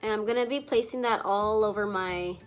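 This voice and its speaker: A woman's voice: mid-range voice, a little fast, faint music behind. A young woman doing a chatty makeup tutorial, a little congested from allergies, with lots of filler words and some casual swearing. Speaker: beauty vlogger.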